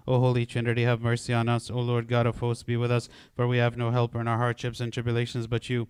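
A man leading liturgical prayers in a steady, even recitation, with short chanted responses. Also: mid-range voice, quick pace, clean tone, no room sound, studio quality. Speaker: prayer leader.

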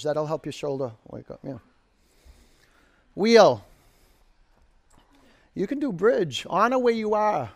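A man's voice: on the high side, no echo. A man leading a live yoga class, calling poses, counting down holds and encouraging students. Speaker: yoga instructor.

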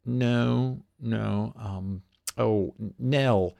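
A man with a medium-pitched, steady, mellow voice, marked by drawn-out words and vocal fry, reads the lines of a gracious, self-mocking veteran stage actress in an exaggerated, clipped, lockjawed and slightly smoky delivery. The mood is warm and teasing, and the recording is dry.

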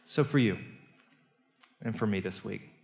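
Earnest low-voiced male pastor. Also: a little slow, vocal fry. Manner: earnest storytelling, shifting between hushed and emphatic. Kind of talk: sermon. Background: soft guitar music.

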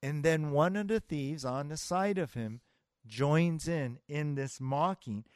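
A man's voice: fairly high pitch, slow, darkish tone, no room sound, studio quality. A man preaching a sermon as pastor, in a conversational way that acts out the voices he quotes. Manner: conversational, with filler words and restarts, acting out quoted voices.

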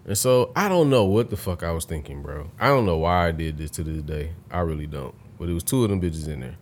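A young man spinning crude stories in a casual chat, his low voice swinging widely in pitch as he breaks into big laughs. There is a faint hiss of noise behind him. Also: expressive, fast talker. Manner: profane storytelling, bursts into loud laughter.

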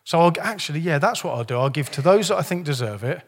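A male pastor preaching a sermon in a church, lively and joking in a conversational way, his voice a bit hoarse. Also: fairly high pitch, fast talker, long reverb tail. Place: church hall.

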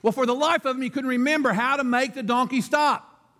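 High-voiced pastor preaching in a reverberant hall. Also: male voice, steady tone, brisk, a bit bright. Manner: folksy storytelling, laughs at his own joke. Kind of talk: sermon.

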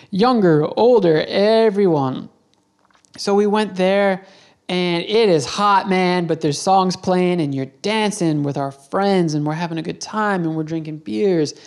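A man's voice: sits high, a little slow, darkish tone. Man rambling through a travel story. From United States. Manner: rambling, self-correcting storyteller. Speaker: podcast host.

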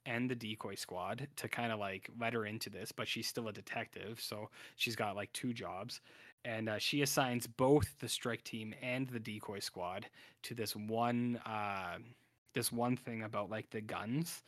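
A man's voice: mid-range voice, fairly bright tone, dry recording. Rambling man on a dry podcast mic. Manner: rambling, heavy on fillers and restarts. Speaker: podcast co-host. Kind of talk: casual chat recapping a TV show.

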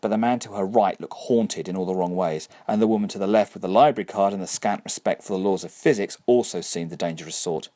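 A man narrating a story in a dry, wry, measured way. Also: low voice, warm tone, dry recording. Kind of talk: scripted narration.

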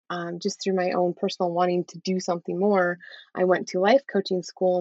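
A woman's voice: lowish voice, darkish tone, dry recording. A woman in her thirties, a guest in an interview, telling a personal story candidly and often adding "right?". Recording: dull, dry, lo-fi sound.

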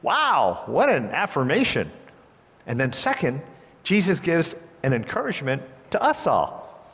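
A man preaching a sermon, with an expressive delivery that swings between hushed, gentle lines and emphatic ones. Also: a little high, moderate pace. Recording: long hall reverb.

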